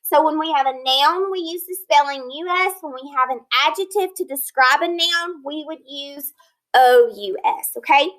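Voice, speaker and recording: A woman teaching a phonics lesson, sounding out word parts slowly and deliberately, praising and checking in with her students. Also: sits high, a bit bright, rough recording. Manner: encouraging, checks in with "okay?". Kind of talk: recorded online lesson.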